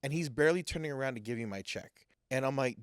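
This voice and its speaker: A man telling a personal story in a casual, animated way, acting out what people said. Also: mid-range voice, fast, no room sound, clean studio sound. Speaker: guest sharing a personal testimony.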